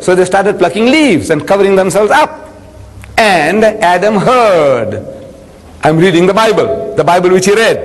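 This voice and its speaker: An older man giving a religious lecture, telling stories with humour and acting out the dialogue. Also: high-pitched. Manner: lively storytelling, acts out dialogue with humour. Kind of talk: lecture to an audience. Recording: long reverb of a hall.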